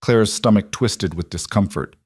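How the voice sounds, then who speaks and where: Male storybook narrator, low, steady, measured, dry sound. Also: breathy edge, dry recording.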